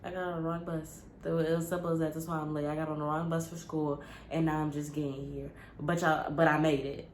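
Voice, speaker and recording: A young woman vlogger telling a casual, animated story with lots of slang. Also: low voice, quick pace, hardly any pauses, slight background noise. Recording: roomy with faint ambience.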